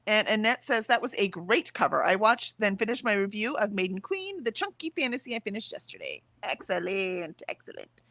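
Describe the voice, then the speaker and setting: A woman's voice: medium pitch, brisk, hardly any pauses, no echo. A woman hosting a casual livestream from home, reading out chat comments and chatting with a laugh. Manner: chatty, lively, laughs often. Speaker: livestream host. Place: home, in bed.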